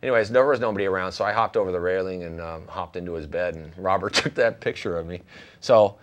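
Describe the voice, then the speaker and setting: Low-voiced man, chatty painter guest. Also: fast, fairly bright tone. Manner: jokey, rambling with many fillers. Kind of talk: casual interview chat.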